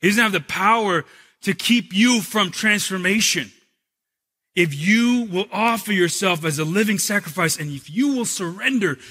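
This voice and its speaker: A man preaching a sermon as a pastor, an animated storyteller who shifts from humor to earnest teaching. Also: sits high.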